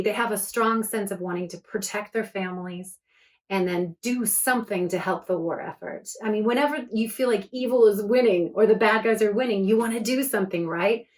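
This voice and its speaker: A woman's voice: medium pitch, darkish tone. A woman author reading her book aloud to children, chatty and enthusiastic between passages.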